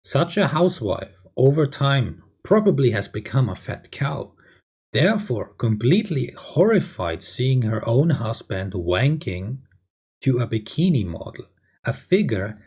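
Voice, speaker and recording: A man's voice: mid-range voice, very animated, a little slow, darkish tone, slightly rough. A man delivering a blunt, crude lecturing monologue, often tagging lines with "yeah?". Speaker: video creator. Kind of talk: ranting monologue.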